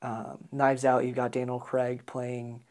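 An American man talks through film performances in a casual, hesitant way. He stops often for ums and restarts his sentences as he thinks. His pitch sits in a middle range. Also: completely flat delivery, measured pace, darkish tone. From United States.

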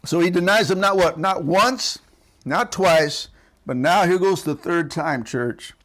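Male pastor, high voice, preaching an online sermon, exhorting and call-and-response. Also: a little slow, a bit bright. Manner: calls for audience response, repetitive and exhorting. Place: church service streamed online.

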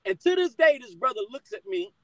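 A middle-aged man speaks with a strikingly high, lively voice that swings up and down as he tells his testimony. He is fired up and keeps calling his listener brother. The sound is close and dry, with no room around it. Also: brisk, dry recording, rough recording. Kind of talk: personal testimony in conversation.

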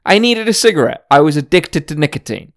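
A man's voice: on the high side, very animated, brisk. Profane British-accented man ranting. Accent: mixed British. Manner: profane, crude and boastful. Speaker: podcast host. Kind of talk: rambling comedic rant.

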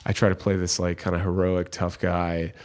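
A young male host with a fairly low voice chats casually with his guest. He backs the guest up often and grows animated when he tells his own stories. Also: normal speed. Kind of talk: casual chat.

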